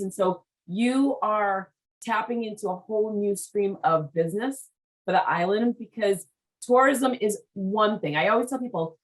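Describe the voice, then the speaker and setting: A woman's voice: medium pitch, rough recording. A Haitian American woman with an American accent, hosting an interview in an eager, gushing way, full of "like" and "I mean". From United States, Haitian American. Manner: enthusiastic, gushing, says "like" and "I mean" often. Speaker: podcast host. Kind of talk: casual interview chat.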